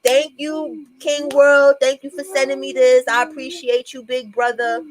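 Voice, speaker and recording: A woman's voice: high voice, steady tone, unhurried, dry recording. A young woman hosting a casual commentary livestream from home, talking loosely and profanely to her viewers while her young child is nearby. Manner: profane, chatty, addresses viewers as y'all. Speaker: livestream host.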